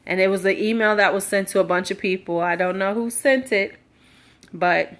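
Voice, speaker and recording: A woman's voice: on the low side, a bit bright. A middle-aged woman candidly telling a personal story live, acting out quoted dialogue with emphasis. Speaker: livestream storyteller.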